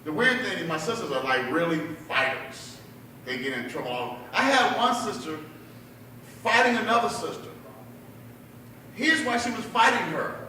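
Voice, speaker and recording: A man's voice: sits high, lively intonation, moderate pace, bright, forceful tone, a little hiss or hum. A man telling a stand-up story at a bar open mic, acting out his family members' voices, with audience laughter behind him. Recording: echoey bar room, mic heard from a distance.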